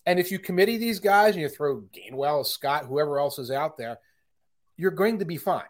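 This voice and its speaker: A man with a fairly high voice breaks down football in casual podcast chat. He is opinionated and talkative, and often restarts his sentences mid-thought. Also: animated, normal speed. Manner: chatty and opinionated, with frequent fillers and restarts.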